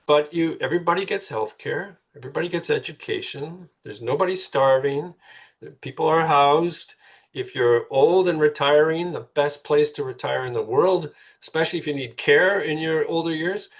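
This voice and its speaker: A man's voice: a little high, normal speed. A middle-aged man, a guest author in a conversational podcast interview, making his points earnestly and repeating words as he builds them.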